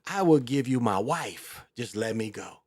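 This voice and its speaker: A man's voice: mid-range voice, animated, unhurried, a little mellow, breathy edge, no room sound, studio quality. A man voicing a frightened king who pleads and bargains for his life in a told story. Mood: pleading. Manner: begging, bargaining.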